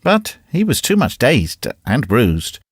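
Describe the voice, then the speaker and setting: A male narrator reads a classic novel with a lively, swooping delivery that rises and falls widely. His voice has a slightly husky grain, recorded close and dry with no room around it. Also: medium pitch, slow, no echo. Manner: expressive, varied reading. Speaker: audiobook narrator. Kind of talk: scripted narration.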